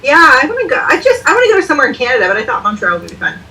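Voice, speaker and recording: A woman's voice: high-pitched, huge pitch swings, racing, sharp tone, distant mic. A woman co-hosting a book club livestream over a video call, talkative and joking. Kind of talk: casual chat.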